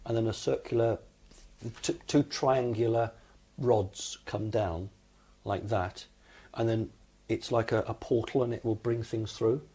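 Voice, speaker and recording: A man from the United Kingdom, calmly recounting his experiences as an interview guest in a matter-of-fact, explanatory way. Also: mid-range voice, a little slow, slightly rough.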